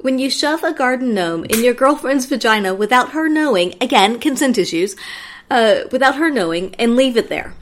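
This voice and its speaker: A woman's voice: a little high, expressive, moderate pace, slight background noise. A woman co-hosting a casual comedy podcast, reading entries out and laughing often. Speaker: podcast co-host. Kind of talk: casual chat.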